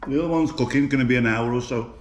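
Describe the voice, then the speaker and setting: Speaking in a mid-range voice at a racing pace, a home cook vlogger from Birmingham, England, chats with viewers in his kitchen and jokes about himself. It's a casual cooking vlog recorded in an echoey room with faint clatter and slight background noise.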